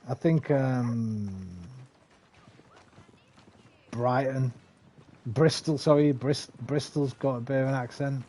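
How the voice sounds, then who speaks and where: A man's voice: medium pitch, steady tone, takes it slowly, long pauses, dark tone. A man in his forties from England, rambling and swearing while chatting over a game. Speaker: gaming streamer. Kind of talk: casual gameplay commentary.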